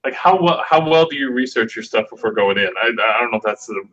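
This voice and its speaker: A man's voice: medium pitch, lively intonation, a bit bright. Rambling man host on a lo-fi call. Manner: rambling, halting, lots of fillers. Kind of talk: casual chat. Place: online video call. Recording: dull lo-fi audio.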